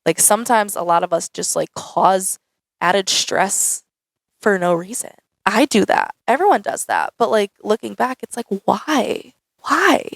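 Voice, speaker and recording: A woman's voice: mid-range voice, unhurried, vocal fry, dry recording, rough recording. A young woman answering viewer questions in a casual, chatty vlog, saying "like" a lot. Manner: chatty, says "like" often, animated. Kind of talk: casual Q&A chat. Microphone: camera mic.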